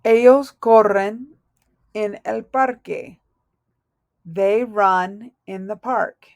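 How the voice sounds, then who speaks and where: Slow, gravelly-voiced woman teaching Spanish. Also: mid-range voice, no room sound, clean studio sound. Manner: slow, patient, spells out endings letter by letter. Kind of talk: recorded classroom lesson.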